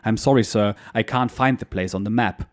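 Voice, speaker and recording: A deferential male squadron leader, polite and a little flustered, speaking up carefully to a superior, as a narrator reads him in a lowish voice. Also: a little fast, close to an everyday voice.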